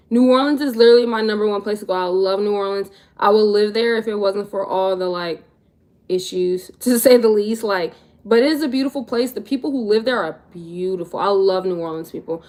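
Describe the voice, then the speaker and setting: A young woman in her twenties chatting casually on a livestream, answering viewers in a laid-back, slangy way. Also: mid-range voice. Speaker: vlogger answering live chat.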